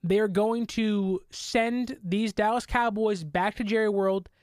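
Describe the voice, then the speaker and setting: A woman hosting a sports talk show, rambling excitedly as a fan, with many fillers. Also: medium pitch, slow, no echo, clean studio sound. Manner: mock voices for quoted people. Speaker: sports podcast host. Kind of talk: casual sports commentary.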